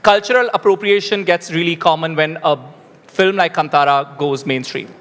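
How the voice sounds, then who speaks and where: A man's voice: a little high, normal speed, a bit bright. A man hosting an on-stage interview, asking friendly, rambling questions full of fillers. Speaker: interviewer host. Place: large indoor conference stage. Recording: reverberant event hall.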